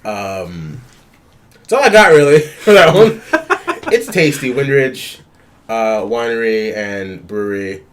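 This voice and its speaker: A man in a casual podcast chat keeps his remarks short and jokes at his own expense. His pitch bounces up and down as he talks. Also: big pitch swings, slow. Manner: jokey, self-deprecating, brief. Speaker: podcast co-host.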